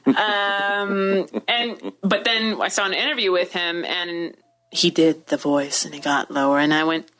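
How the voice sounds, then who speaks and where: A woman's voice: fairly low pitch, normal speed, fairly bright tone. Rambling woman podcast co-host. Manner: rambling, full of "like" fillers. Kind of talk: casual chat.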